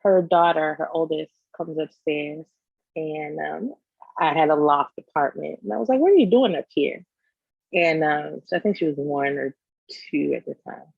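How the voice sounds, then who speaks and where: A woman guest in an interview, telling a personal story in a candid, animated way and acting out the scenes. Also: low voice, moderate pace, vocal fry, no echo, phone-quality sound. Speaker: business owner guest.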